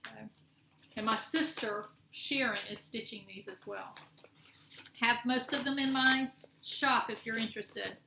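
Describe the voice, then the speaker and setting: A woman's voice: on the high side, unhurried, gravelly. A middle-aged woman chatting casually in a cross-stitch vlog, rambling and correcting herself as she shows her projects. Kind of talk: casual show-and-tell chat. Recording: echoey room with faint noise.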